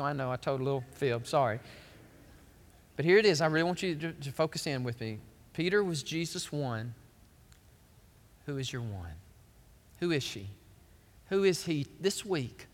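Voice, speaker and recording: A middle-aged man preaching a sermon as pastor, telling folksy stories with big swings in his voice. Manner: animated, folksy storytelling with big swings up in pitch. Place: large church hall. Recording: long hall reverb.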